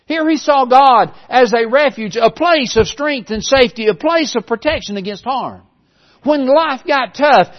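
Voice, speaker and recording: High-voiced male preacher, dull lo-fi sound. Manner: earnest and measured, with occasional restarts. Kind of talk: sermon with scripture reading. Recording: dull lo-fi recording.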